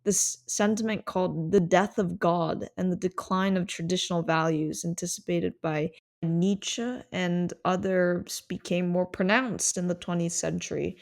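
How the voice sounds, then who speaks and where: A woman hosts a solo podcast and muses her way through history and ideas. Her voice sits on the low side, with a lot of vocal fry. She explains things reflectively and thinks aloud as she goes. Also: fairly even intonation, measured pace. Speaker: podcast host.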